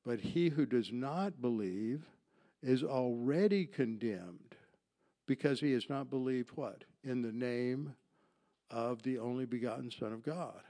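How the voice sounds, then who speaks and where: A man's voice: mid-range voice, expressive, unhurried, dark tone. Man teaching a Bible lesson. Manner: explanatory, asks and answers his own questions. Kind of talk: classroom lecture with slides.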